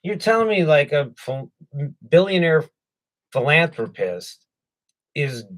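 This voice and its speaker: A man's voice: fairly high pitch, very animated, slow, low-quality recording. A man co-hosting a casual political chat show, sarcastic, profane and jokey. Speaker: co-host.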